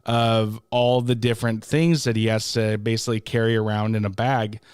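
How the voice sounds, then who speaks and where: A man with a smooth, resonant, mid-pitched voice chats easily with his co-host, leaning on fillers as he thinks. The sound is close and dry, with no room around it. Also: moderate pace, no echo. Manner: relaxed, conversational, many fillers. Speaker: podcast co-host. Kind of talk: casual chat.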